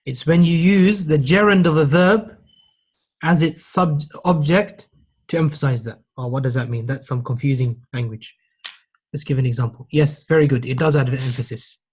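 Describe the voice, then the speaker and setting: A man with a somewhat high, husky voice teaches a grammar class. He explains patiently, repeats key phrases and encourages his students with praise. His delivery is relaxed and conversational. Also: moderate pace. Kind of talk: classroom lesson.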